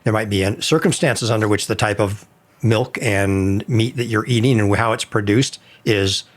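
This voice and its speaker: A man hosting a podcast, speaking in a measured, reflective way. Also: lowish voice. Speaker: podcast host. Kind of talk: casual podcast discussion.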